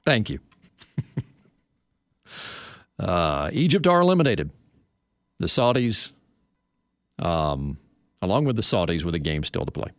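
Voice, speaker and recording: A man's voice: low voice, lively intonation, takes it slowly, creaky, long pauses, fairly bright tone, no echo, studio quality. A man hosting a sports radio show, reading news items and chatting with asides.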